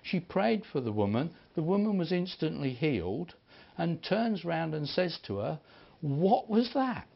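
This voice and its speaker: A man preaching, telling stories in an animated way and acting out the people he quotes. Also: on the high side, moderate pace, gravelly. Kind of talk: sermon storytelling. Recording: dull lo-fi recording.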